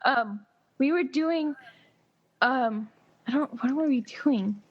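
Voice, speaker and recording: A teenage girl tells stories in a slow, unhurried way, her voice a little high. She giggles often between her lines. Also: slightly rough, highs cut off. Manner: storytelling, giggly. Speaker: co-host. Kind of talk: casual chat.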